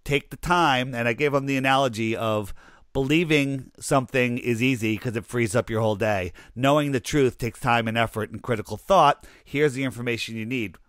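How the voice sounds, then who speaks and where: A man's voice: mid-range voice, normal speed, a bit bright, clean tone, no room sound, clean studio sound. A man co-hosting a casual podcast chat, telling an anecdote and acting out the people in it. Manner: storytelling, acts out quoted people. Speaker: podcast co-host.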